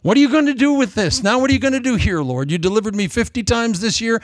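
A man preaching a sermon in a lively, jokey way, acting out quotes in different voices. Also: very high-pitched, fast, dry recording, clean studio sound. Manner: animated, jokey, acts out quotes.

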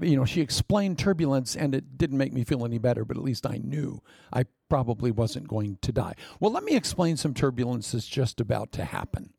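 A male pastor preaching a sermon emphatically, repeating phrases and jumping suddenly in pitch. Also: animated, fairly quick, creaky, dark tone, slightly rough, dry recording, clean studio sound.

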